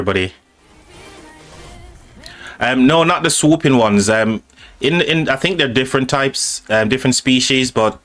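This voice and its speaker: A man's voice: medium pitch, a bit bright. A man with a British accent hosting a live stream, chatting casually and reading out viewer comments, friendly and calling people mate and buddy.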